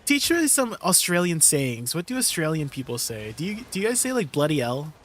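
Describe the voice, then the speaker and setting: A young man streams live while gaming, reading chat and riffing on viewers' messages, easily amused. His high-pitched voice is very animated, brisk, and a bit bright, with slight background noise.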